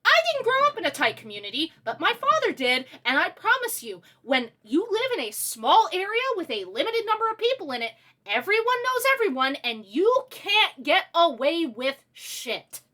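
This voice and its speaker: Exasperated, animated woman game reviewer. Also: very high-pitched, moderate pace, few pauses. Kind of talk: ranting video game review.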